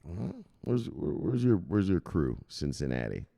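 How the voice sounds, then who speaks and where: A man hosting a crypto news vlog, brash and rowdy, swearing and shouting sound-effect words between headlines. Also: low voice, big pitch swings, normal speed, vocal fry, in a large hall. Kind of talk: casual hyped commentary.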